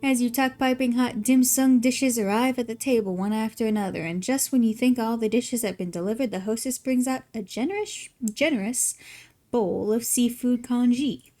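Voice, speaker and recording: A woman's voice: on the high side, moderate pace, darkish tone, faint music behind. A young woman streaming a video game, chatting casually with her viewers, exasperated and swearing freely while she has the hiccups. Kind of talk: casual live-stream chat while gaming.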